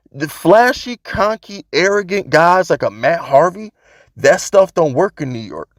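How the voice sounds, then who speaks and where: With a voice on the high side, a football fan vlogger airs his views in a casual rant and repeats himself to drive each point home. The studio sound is clean, with no room noise.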